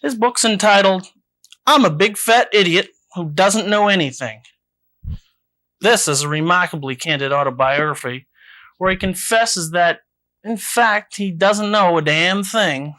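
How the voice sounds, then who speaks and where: A man hosting a mock book review segment, delivering satire in a dry, deadpan way. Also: high voice, measured pace.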